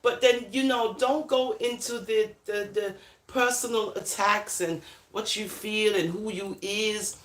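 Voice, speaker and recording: A woman's voice: mid-range voice, steady tone, measured pace, fairly bright tone, roomy sound. A woman chatting casually on a live stream, laughing often and switching between patois and standard speech. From born in England, raised in America. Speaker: live-stream host answering comments.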